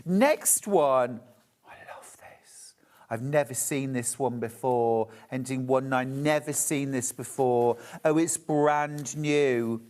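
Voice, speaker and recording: A woman's voice: extremely low pitch, takes it slowly, few pauses, a little mellow. A woman with a British accent presenting a live shopping show, chatting to viewers and gushing over fabrics. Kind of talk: live sales demonstration.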